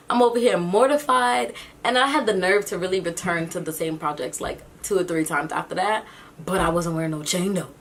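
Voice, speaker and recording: A young woman telling a storytime vlog, acting out the people she quotes in an animated way. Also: brisk. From New York City. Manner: animated, acts out quotes with big pitch jumps. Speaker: YouTube vlogger.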